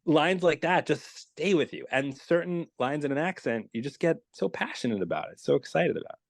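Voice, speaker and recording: A man's voice: on the high side, lively intonation, fairly quick, creaky, no echo. A man talking as a dialect coach guest in a casual interview, explaining with enthusiasm.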